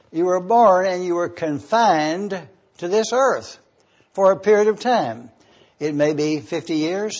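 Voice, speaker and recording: An older man preaching a sermon, slowly asking questions and repeating his points. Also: sits high, breathy edge. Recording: dull lo-fi recording.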